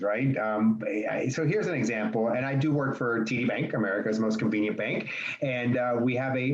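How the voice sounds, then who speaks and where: Male panelist, bank manager, conversational storyteller, echoey lo-fi video call. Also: mid-range voice. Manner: conversational, many restarts and fillers. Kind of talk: webinar roundtable storytelling.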